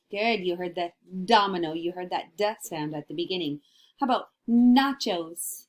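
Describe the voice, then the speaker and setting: Woman teacher, unhurried phonics read for little kids; stretches out each letter sound, praises and quizzes gently. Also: medium pitch, expressive. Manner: encouraging, questioning tone. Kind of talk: phonics lesson for young children.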